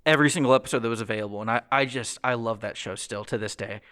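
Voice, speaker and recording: A young man in casual podcast chat, telling stories with animated energy. His voice is mid-pitched and ordinary, and he jumps up high when he acts out what someone said. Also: racing, smooth. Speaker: podcast host.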